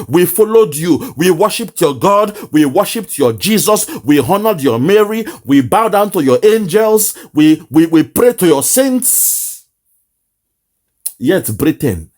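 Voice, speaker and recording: Nigerian guy ranting online, kinda high voice that jumps all over, keeps repeating himself. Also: a little mellow. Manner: lamenting, repetitive, emphatic. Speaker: online commentator. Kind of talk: impassioned political commentary.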